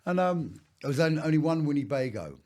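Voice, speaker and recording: A man's voice: fairly high pitch, very animated, brisk, darkish tone. A man in his fifties, an actor and director, telling anecdotes in a casual interview and swearing freely. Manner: swears freely, tells anecdotes with put-on voices. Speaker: actor and director, podcast guest.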